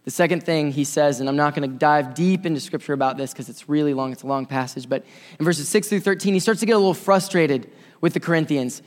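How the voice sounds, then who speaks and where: A man preaching a sermon with passion, swinging between loud urgent stretches and soft quiet ones. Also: on the high side, fast. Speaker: pastor. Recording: long hall reverb.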